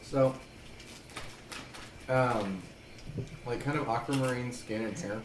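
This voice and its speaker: A man's voice: medium pitch, slow. A man player describing his character casually, rambling with many fillers. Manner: rambling, many likes and ums. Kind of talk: casual tabletop chat. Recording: echoey room with background noise.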